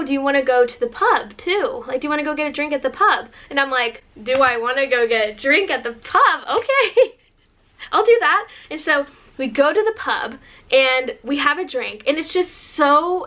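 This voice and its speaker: Gushing young American woman vlogger. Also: on the high side. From United States. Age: 20s. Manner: gushing, animated, lots of fillers. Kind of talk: casual storytelling to camera.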